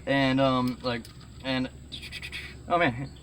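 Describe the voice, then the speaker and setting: A middle-aged man rambling excitedly in a casual vlog, full of fillers and restarts, saying he is sweating. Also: medium pitch, slow, slight background noise. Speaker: vlogger.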